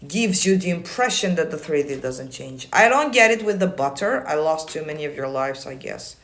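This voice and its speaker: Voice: medium pitch, expressive, moderate pace, fairly bright tone. A manifestation coach on a casual livestream, reading viewer comments aloud and answering them in a blunt, swearing, teasing way.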